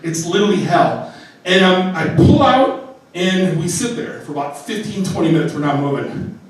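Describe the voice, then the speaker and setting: A man telling a funny story on stage, animated and often laughing, acting out his own panic. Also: normal speed. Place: live venue with audience. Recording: booming echoey hall from far off with audience.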